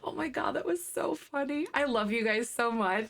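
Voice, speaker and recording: A woman in her thirties chats casually with her live-stream audience, giggly and talkative, laughing often between thoughts. Her voice sits high and bright, and faint music runs underneath. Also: lively intonation, normal speed, gravelly. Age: 30s.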